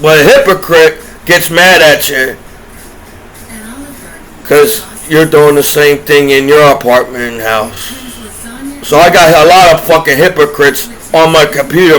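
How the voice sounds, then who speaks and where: A man's voice: a little high, a bit bright, rough recording. A man, a combat veteran, going on a rambling, profane and aggrieved rant with repeated words and trailing restarts. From United States. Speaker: disabled combat veteran vlogger.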